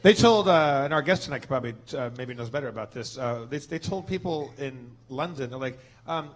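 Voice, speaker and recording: A man's voice: medium pitch, expressive, fairly quick, hardly any pauses. A man co-hosting a comedy podcast, dropping wry, dry asides in casual chat. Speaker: podcast co-host.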